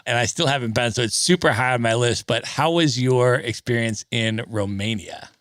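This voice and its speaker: A man's voice: medium pitch, normal speed, fairly bright tone. A man hosting a travel podcast, enthusiastic and agreeable, asking long friendly questions. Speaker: podcast host. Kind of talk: casual interview.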